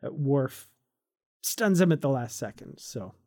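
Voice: mid-range voice, big pitch swings, unhurried, darkish tone. A podcast co-host in casual, enthusiastic chat, recapping a comic and laughing often.

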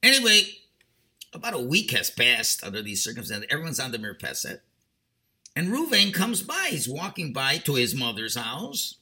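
A man, a rabbi, giving a sermon and telling a parable in an animated way. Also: medium pitch, normal speed. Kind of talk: sermon with storytelling.

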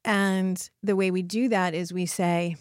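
A woman's voice: lowish voice, fairly even intonation, a little slow, clean tone, no room sound, clean studio sound. A woman hosting a motivational solo podcast, speaking to her listeners in an earnest, encouraging way. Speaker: podcast host.

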